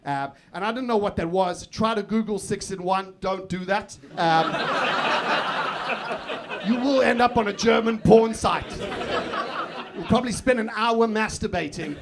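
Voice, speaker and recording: A man doing live stand-up on a comedy club stage, swinging from muttered asides to shouted outbursts. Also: high-pitched, unhurried, heavy background noise. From South Africa. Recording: live club recording with crowd laughter. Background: audience laughter.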